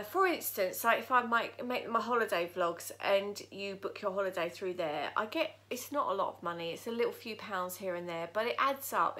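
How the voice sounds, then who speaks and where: Woman vlogger, bright tense voice, shaken but candid, talking to camera from her living room. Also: mid-range voice. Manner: emotional, halting, candid. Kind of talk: personal vlog talking to camera.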